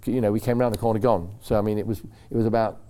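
The older man here is a racing driver on a club talk show, talking fast in a low, dark voice with fairly even intonation. His long anecdotes meander and self-correct, and he voices the people he quotes.

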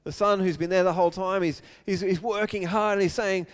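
A man with a notably high voice delivering a sermon as pastor. He speaks earnestly and retells the story with feeling, moving between narration and acted-out quotes. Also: steady tone, fairly quick, hardly any pauses.

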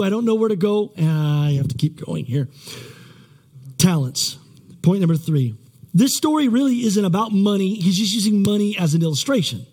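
A man's voice: high-pitched, darkish tone. A male pastor preaching a sermon in a conversational, rambling way, with many restarts and self-deprecating asides.

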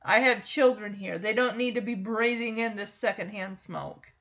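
A woman's voice: medium pitch, moderate pace, a bit bright, highs cut off. A woman casually recapping a sitcom episode, chatty, laughing often and quoting the characters.

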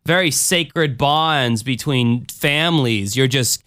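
A man's voice: medium pitch, takes it slowly, pushed and bright. A man co-hosting a podcast who tells a story in a casual, profane, emphatic way. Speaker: podcast co-host.

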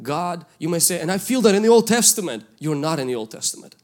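A male pastor, preaching a sermon and telling a story from his youth, swinging between loud calls and hushed asides. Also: on the high side, big pitch swings, quick pace. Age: 20s at the time of the story, now older.

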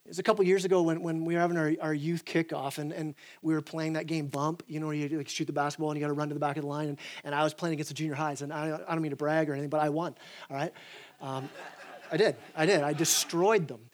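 A young man, a pastor, preaching a sermon in an animated way, with frequent restarts and acted-out quotes. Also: a little high, quick pace.

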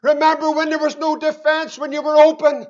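A Northern Irish man preaching a sermon as pastor, impassioned and rising to shouts. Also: extremely high pitch, completely flat delivery, fairly quick, muffled recording. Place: church.

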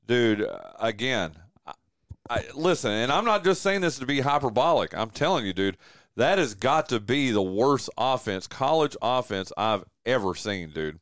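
A man's voice: fairly low pitch, clear, resonant tone, no echo. A man hosting a radio show, chatting casually and emphatically about sports from a studio. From southwestern Virginia. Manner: emphatic, says "dude" often. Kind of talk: casual sports talk chat. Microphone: studio mic.

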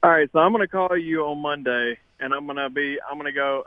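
A man's voice: on the high side, fairly even intonation, fast, no echo. A man calling in to a sports radio show, insistent and confident about his team. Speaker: caller. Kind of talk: call-in radio talk. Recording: tinny phone line.

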